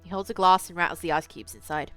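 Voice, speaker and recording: A woman's voice: on the low side, steady tone, fast talker, fairly bright tone, faint music behind. A woman streamer reading a visual novel aloud and chatting casually with her chat, swearing now and then. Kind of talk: casual live-stream game narration.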